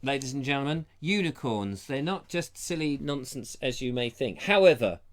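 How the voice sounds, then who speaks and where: A man hosting a casual show, chatting warmly with playful, joking asides on a lapel mic. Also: medium pitch, expressive, moderate pace. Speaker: host. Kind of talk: casual chat.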